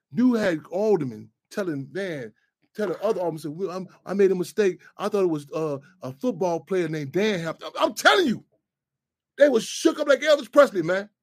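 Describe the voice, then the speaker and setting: A middle-aged man hosting a talk radio show, animated and heated, swearing freely. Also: high voice. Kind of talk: casual talk radio monologue.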